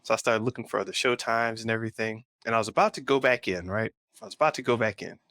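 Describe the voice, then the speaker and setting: A man's voice: on the low side, fast, no echo. A man co-hosting a pop culture podcast, telling a rambling story in casual chat. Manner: rambling storyteller, animated retelling. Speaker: podcast co-host.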